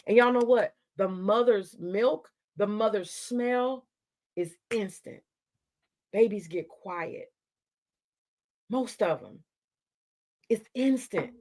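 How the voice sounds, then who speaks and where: A woman's voice: mid-range voice, takes it slowly, pauses often, a little mellow. A woman hosting a livestream, ranting at her chat in a confrontational, profane way. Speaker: livestream host.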